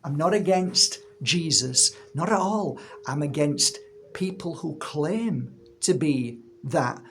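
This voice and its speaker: A man's voice: a little high, takes it slowly, a bit bright, soft background music. A middle-aged man talking casually and animatedly to his viewers from a room at home, often repeating his words as he rants. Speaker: healer and channel host.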